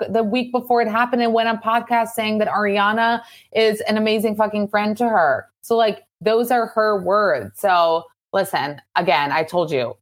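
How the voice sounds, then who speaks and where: A woman guest on a podcast, ranting emphatically and swearing in casual chat. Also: mid-range voice. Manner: animated, profane, emphatic ranting.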